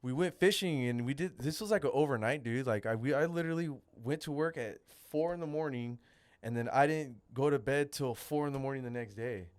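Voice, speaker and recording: Smooth-voiced young guy telling a rambling story. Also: medium pitch, a little fast, no room sound. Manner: laid-back, rambling, swears a lot, says "dude". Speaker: podcast host telling a story. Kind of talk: casual storytelling chat.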